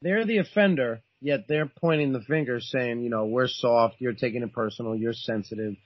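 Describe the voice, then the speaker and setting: Measured male podcast host. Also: medium pitch, dry recording, lo-fi sound. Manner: measured, sums up the guest's points. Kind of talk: podcast interview.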